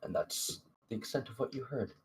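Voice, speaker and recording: A man narrating as game master in a live-streamed tabletop game, relaxed and chuckling as he explains the rules. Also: medium pitch, fairly quick, slight background noise, rough recording.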